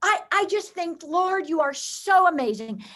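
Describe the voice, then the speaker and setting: Lively high-pitched woman telling faith stories. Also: a little slow. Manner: expressive, acts out quoted voices. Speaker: guest storyteller. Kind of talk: animated faith storytelling.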